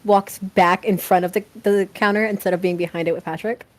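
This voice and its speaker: A woman playing a tabletop game, stammering and quick as she describes her character. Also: medium pitch, fairly even intonation. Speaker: player. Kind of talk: casual tabletop play.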